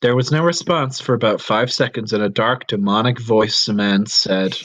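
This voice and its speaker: A man co-hosting a comedy podcast, reading a creepypasta aloud and riffing on it, swearing and breaking into high-pitched outbursts. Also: moderate pace, fairly bright tone, no echo.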